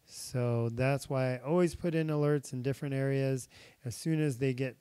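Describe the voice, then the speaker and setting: A young man talks through a trading chart in a loose, chatty way, full of little fillers. His voice is mellow, smooth and a bit worn as he loses it, recorded close and dry with no room sound. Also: medium pitch, steady tone, normal speed, no echo. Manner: casual, chatty, many fillers. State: losing his voice. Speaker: crypto trading channel host. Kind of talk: casual screen-share chart tutorial.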